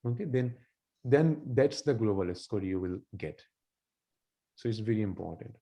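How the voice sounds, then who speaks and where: Man tutoring doctors, mellow voice. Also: lowish voice, expressive, moderate pace. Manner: explains with many repeats and restarts. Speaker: medical exam tutor. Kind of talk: online teaching feedback.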